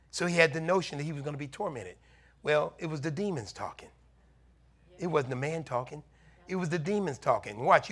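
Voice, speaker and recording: An animated male preacher delivers a sermon in a high, bright voice. He retells the scripture dramatically, slipping into the voices of worried neighbors and calling to his listeners directly. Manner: animated preaching, acting out townspeople's warnings.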